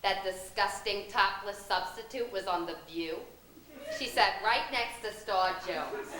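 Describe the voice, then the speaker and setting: A woman playing a loud, gossipy older woman who scolds and minds a small child, in a one-woman stage comedy. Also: medium pitch, roomy sound, noisy background, natural voice. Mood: gossiping. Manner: brash, scolding, quick-tempered. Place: theater stage.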